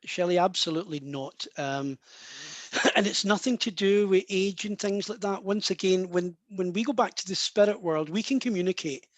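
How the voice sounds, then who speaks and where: Middle-aged male medium, high voice, dry mic, rambles and restarts while chatting. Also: moderate pace, dry recording. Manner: rambling, self-interrupting, laughs often. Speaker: spiritual medium guest. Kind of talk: casual live Q&A chat.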